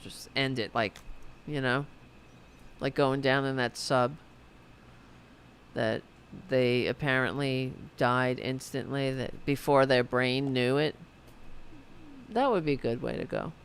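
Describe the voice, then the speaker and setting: A middle-aged woman hosts a casual late-night livestream podcast, chatting to her live audience, rambling, self-mocking and swearing freely. Her rumbling low voice moves slowly over slight background noise.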